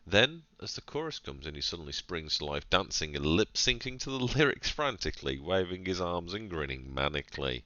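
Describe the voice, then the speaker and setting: A low-pitched man narrates a game for his channel, reading the text aloud and tossing in playful, jokey asides. His delivery swings widely in pitch, and his tone is bright and forceful. The recording is dry and slightly dull, like a lo-fi home mic. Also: very animated, fairly quick, few pauses, no room sound. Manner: playful, chatty, jokey running commentary. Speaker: gaming channel host.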